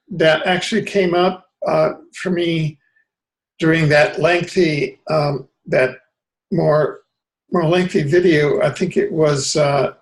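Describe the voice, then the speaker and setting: A male host interviewing a guest over a video call, asking halting questions. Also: a little high, low-quality recording.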